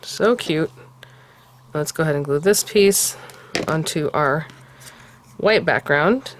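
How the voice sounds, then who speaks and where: A woman hosting a card-making tutorial, talking casually and often cooing softly over how cute the pieces are. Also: low voice, slow, slight background noise. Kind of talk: casual crafting tutorial talk.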